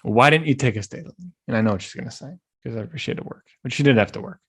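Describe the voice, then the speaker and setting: A young man hosting a podcast, rambling through animated stories full of restarts. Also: mid-range voice, racing, husky. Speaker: podcast host. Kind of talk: casual chat.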